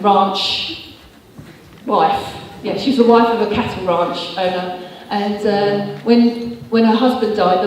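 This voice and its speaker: A woman's voice: medium pitch, a little mellow, a little hiss or hum. A woman giving a chatty, earnest motivational talk with slides, full of fillers and restarts. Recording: echoey hall, voice heard from far off.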